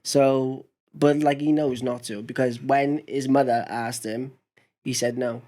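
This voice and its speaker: A man, co-hosting a podcast in casual chat and telling stories with animated voices. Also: mid-range voice, measured pace. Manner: animated storyteller, acts out voices. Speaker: podcast co-host.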